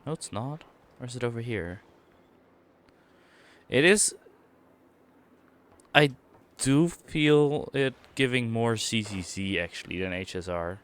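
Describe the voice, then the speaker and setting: A man with a mid-range, slightly bright, clean-toned voice streams a game, giving casual commentary as he explores. He thinks aloud, reacts quickly, and reads dialogue out.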